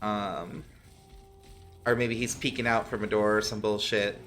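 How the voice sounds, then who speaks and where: A man's voice: lowish voice, steady tone, measured pace. A man streaming a game, chatting casually, swearing and laughing often. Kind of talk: casual gaming chat.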